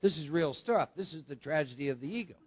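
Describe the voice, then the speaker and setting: A man's voice: fairly high pitch, animated, quick pace, slightly rough, highs cut off. A man giving a conversational recovery talk to a meeting, often putting questions to his audience. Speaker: recovery speaker.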